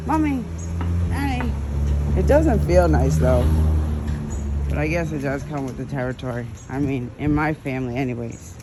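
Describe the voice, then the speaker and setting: A woman's voice: a bass voice, moderate pace. A middle-aged woman with a stuffy nose, chatting and rambling to her phone while walking outdoors, laughing at herself. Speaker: vlogger. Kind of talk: casual walking vlog. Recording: outdoor noise behind.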